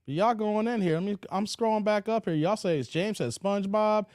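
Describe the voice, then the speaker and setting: High-pitched dude reacting to his stream chat, laid-back and slangy, dry mic. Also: moderate pace, darkish tone, clear, resonant tone, no room sound. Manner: laid-back, slangy, reads viewer comments aloud. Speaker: livestream host. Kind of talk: casual livestream commentary reading chat.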